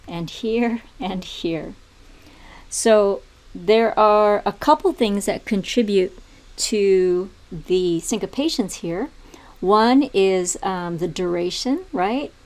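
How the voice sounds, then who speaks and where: A woman teaching music theory in a video tutorial, explaining step by step in a calm way and now and then singing rhythms aloud. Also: mid-range voice.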